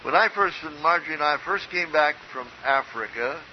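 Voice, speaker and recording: A man's voice: fairly high pitch, lively intonation, normal speed. An older man from Minnesota preaching a sermon in an earnest, emphatic way, with storytelling asides. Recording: dull lo-fi recording with faint hiss.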